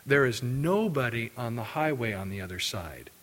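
Male pastor, middle-aged, sermon, animated storytelling, acted quotes. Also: medium pitch, moderate pace.

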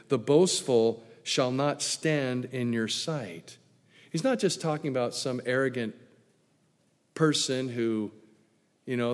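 A man preaching a sermon emphatically, swinging from loud declarations to hushed lines. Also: mid-range voice. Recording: long hall reverb.

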